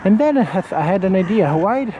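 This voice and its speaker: A man from Italy with an Italian accent, chatting casually on a walking vlog and often pausing to search for words, talking into a camera outdoors on a windy street. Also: sits high, animated. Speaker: vlogger. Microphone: camera mic held near the face. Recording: faint wind and traffic noise outdoors.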